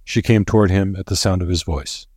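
A man narrating a novel in a measured, dramatic storytelling manner. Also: sits low, fairly even intonation, darkish tone, breathy edge, dry recording, studio quality. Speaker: audiobook narrator.

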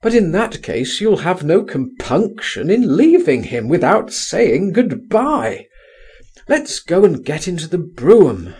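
A pleading, coaxing man pitched up high and swinging wildly in tone, urgent and exclaiming, as a man puts him on. Husky audiobook delivery with a worn edge. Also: sing-song, takes it slowly, a little mellow, exaggerated voice. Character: insistent pleading man urging a friend to flee. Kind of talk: audiobook dialogue.

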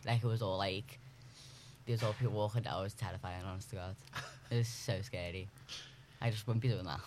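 Scouse guy chatting fast, low voice, bit of hiss behind. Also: steady tone. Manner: emphatic, repeats "like". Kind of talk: casual chat.

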